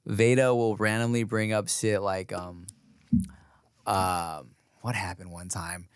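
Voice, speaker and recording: A man's voice: fairly low pitch, little pitch movement, takes it slowly, clean tone, dry recording, studio quality. Slangy man rambling on a podcast. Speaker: podcast host. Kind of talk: casual chat.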